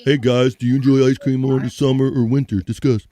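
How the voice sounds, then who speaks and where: A man's voice: medium pitch, little pitch movement, fast talker, warm tone. A man hosting a casual live-stream chat, joking around and reading the chat aloud. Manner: joking, reads chat aloud, puts on silly voices. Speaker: host.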